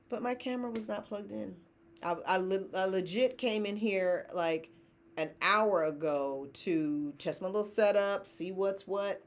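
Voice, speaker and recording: A woman's voice: fairly low pitch, slight background noise. A middle-aged woman, hosting a casual live shopping stream, chatting, laughing and reading viewer comments aloud.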